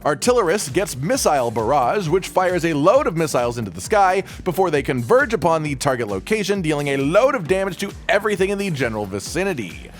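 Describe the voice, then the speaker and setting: A man's voice: a little high, sing-song, fairly quick, faint music behind. A man narrating a game guide voice-over in a casual, jokey way, with swearing asides.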